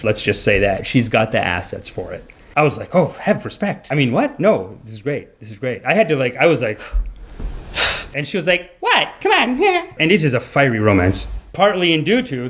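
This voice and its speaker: Rambling mock-guru man, lively voice. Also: medium pitch. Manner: rambling, self-interrupting, mock-spiritual. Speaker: comedian playing a spiritual guru. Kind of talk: comedic monologue.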